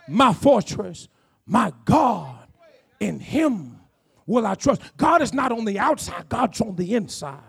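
High-voiced preaching man. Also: big pitch swings, measured pace, gravelly, husky. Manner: preaching with rising shouts and call-outs to the congregation. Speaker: pastor. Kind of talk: sermon.

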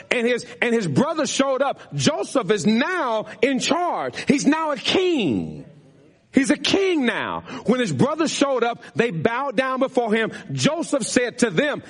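A male pastor with a high-pitched voice teaching in sermon style. He repeats key phrases emphatically and restarts often, pushing his pitch up as he preaches. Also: slightly rough. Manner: repetitive, emphatic, with frequent restarts; rises in pitch as he preaches harder.

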